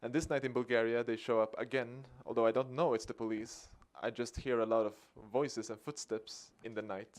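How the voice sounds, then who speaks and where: Swedish guy giving a talk, mid pitched, acts out the back and forth with a little laugh. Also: fairly quick, few pauses. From Sweden. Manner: lively storyteller acting out dialogue with a chuckle. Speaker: activist speaker. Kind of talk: public talk.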